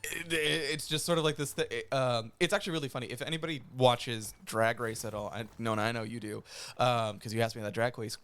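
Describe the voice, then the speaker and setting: A man's voice: mid-range voice, steady tone, fast, a bit bright, smooth. A young adult man, a voice actor, co-hosting a casual game playthrough, jokey and swearing freely. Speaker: co-host and voice actor.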